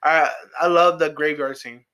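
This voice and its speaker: A man co-hosts a casual horror-movie podcast and keeps chiming in with jokes. His voice is bright and sits a little high. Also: fairly even intonation. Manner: jokey, quick interjections. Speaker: podcast co-host.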